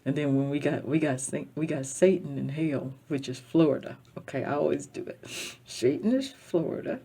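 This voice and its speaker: A husky-voiced woman rambles through a tearful personal vlog, circling back on the same phrases. Her low, mellow voice swings from loud declarations to soft near-whispers as she talks. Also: normal speed. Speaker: vlogger.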